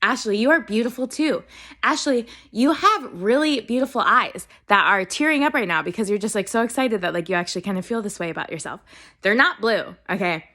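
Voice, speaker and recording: A woman's voice: mid-range voice, animated, a little fast, bright, forceful tone. A woman in her twenties talking earnestly and a little teary-eyed in a casual self-love vlog, gushing and talking to herself as if in a mirror. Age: 20s. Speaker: vlogger.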